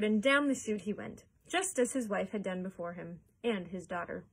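A woman reads a children's chapter book aloud with animated, expressive storytelling. Her voice is mid-pitched with a husky grain. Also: normal speed, hardly any pauses, low-quality recording. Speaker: children's librarian.

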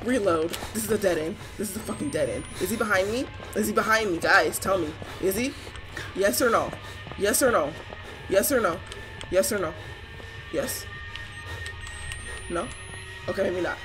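A young woman giving casual, swear-filled commentary while playing a horror game and talking to her viewers, jumpy and quick to shriek. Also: mid-range voice, over music. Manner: chatty, swears a lot, talks to viewers; jumpy, shrieks when startled. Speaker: gaming streamer.

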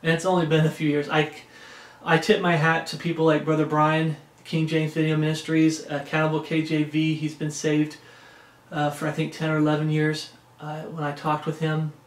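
Male preacher, conversational Bible-study delivery with scripture readings, slightly high pitch, echoey room. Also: completely flat delivery, normal speed. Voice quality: conversational, frequent "uh" and "okay?" check-ins. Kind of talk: informal sermon with scripture reading. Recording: roomy echo.

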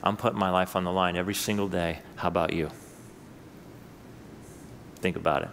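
A man, a pastor, preaching a sermon with lively rises when he reads scripture and chatty asides to his listeners. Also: low-pitched, fairly quick, long reverb tail, a little hiss or hum. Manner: animated preaching, voice rising for quoted scripture; conversational asides to the congregation. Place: church sanctuary.

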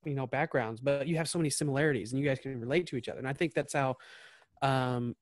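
A man's voice: mid-range voice, fast talker, no echo, clean studio sound. A man from small-town Southern Indiana, a podcast host speaking in an earnest, rambling way. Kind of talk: casual podcast chat.

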